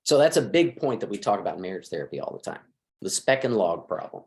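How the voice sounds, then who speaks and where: A man's voice: fairly low pitch, fast, creaky. A middle-aged man, a marriage counselor, giving advice in a conversational interview and acting out bits of dialogue as he talks. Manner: lively, acts out quoted dialogue.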